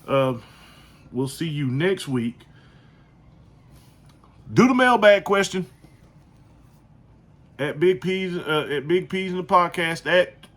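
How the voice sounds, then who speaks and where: A man's voice: on the high side, a bit bright. A man hosting his own podcast, talking casually and repetitively in slangy, joking asides. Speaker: podcast host. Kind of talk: casual solo podcast monologue.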